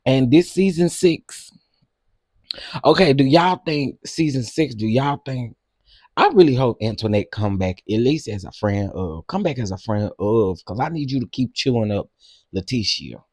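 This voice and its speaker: A man hosting a casual live stream, chatty and quick to laugh, talking straight to his viewers. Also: medium pitch, animated, darkish tone, slightly rough, no room sound, studio quality.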